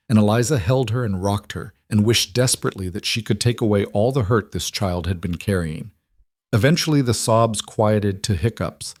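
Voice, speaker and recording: A man narrating a scripted western story in a calm, measured way. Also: lowish voice, no room sound, studio quality.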